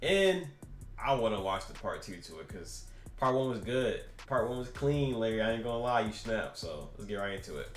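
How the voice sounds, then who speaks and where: A man reacting to clips, talking casually and excitedly to his viewers in slang. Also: fairly low pitch, normal speed, reverberant, soft background music. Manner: animated, slangy, talks to viewers. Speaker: reaction streamer.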